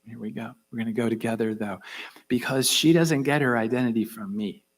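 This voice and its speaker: Gravelly older man telling a tense story. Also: mid-range voice, a little fast. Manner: intense, drops into hushed whispers for emphasis. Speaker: conference speaker. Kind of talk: dramatic keynote storytelling.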